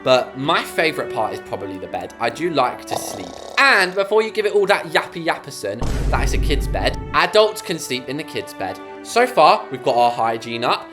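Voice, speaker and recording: A woman's voice: extremely low pitch, big pitch swings, moderate pace, hardly any pauses. Bubbly girl yapping to chat while building in a game, voice bouncing all over, music playing behind. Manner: chatty, bubbly, talks to chat. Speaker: gaming YouTuber. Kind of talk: casual gameplay commentary. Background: background music.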